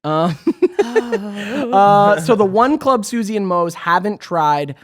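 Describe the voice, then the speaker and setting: A man with a slightly higher voice talks loosely and chattily as a podcast co-host. He recaps the episodes with plenty of fillers and laughter. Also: animated, slow pace, a crowd in the background. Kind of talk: casual rewatch recap chat.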